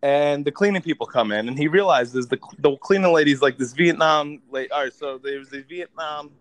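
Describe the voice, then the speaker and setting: Rambling, profane man, slightly high voice. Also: a little fast, low-quality recording. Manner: rambling and profane, with lots of filler words. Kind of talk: casual chat, retelling a movie plot.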